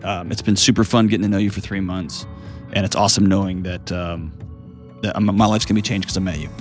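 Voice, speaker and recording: A man's voice: deep voice, steady tone, fast. A middle-aged man hosting a call-in advice show, talking bluntly and animatedly with jokes, with a faint music bed behind him. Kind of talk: casual advice talk and ad reads.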